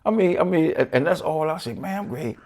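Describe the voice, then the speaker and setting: Fast, gravelly man telling a story. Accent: Washington DC. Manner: animated, acts out quoted voices at a higher pitch, many repeated words. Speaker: guest. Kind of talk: casual storytelling.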